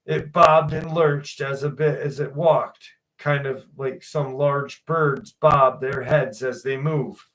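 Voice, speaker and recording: A man's voice: mid-range voice, steady tone, slow pace, few pauses, fairly bright tone, recorded from a distance, rough recording. A man recounting a frightening encounter he had, telling it steadily with a few small restarts. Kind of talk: spoken first-person account.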